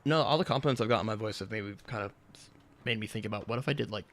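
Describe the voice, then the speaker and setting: A man's voice: on the low side, very fast, a bit bright, a little hiss or hum. A young man chatting casually with his stream chat while gaming, rambling, sarcastic and swearing a lot.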